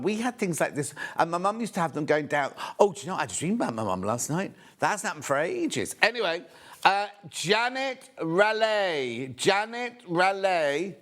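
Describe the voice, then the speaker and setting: Live from a TV studio, this West Midlands man hosts a shopping show in a chatty, meandering style packed with quick asides. His slightly bright voice sits a little high, with pitch that swings widely as he talks.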